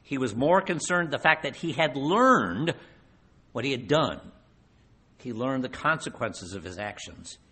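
A man delivering a sermon in a husky, bright-edged voice. His pitch swings widely as he asks rhetorical questions, and he slows down to press each point home. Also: lively intonation. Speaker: preacher.

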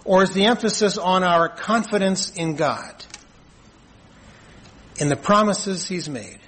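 A man preaching a sermon in an earnest, measured way, asking rhetorical questions and answering them. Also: sits high, animated, fairly bright tone, husky, poor audio. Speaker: pastor.

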